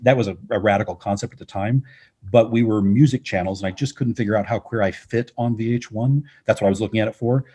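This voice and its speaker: A middle-aged man, a TV executive guest on a podcast, telling relaxed anecdotes. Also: on the low side, fast, husky. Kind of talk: interview answers.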